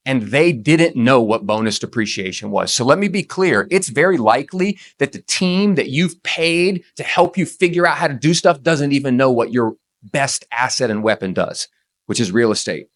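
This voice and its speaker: Guy doing a punchy motivational talk on tax stuff, rapid fire, leans hard on the key words, mid-range voice. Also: medium pitch, lively intonation. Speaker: speaker on real estate tax strategy. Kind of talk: motivational presentation.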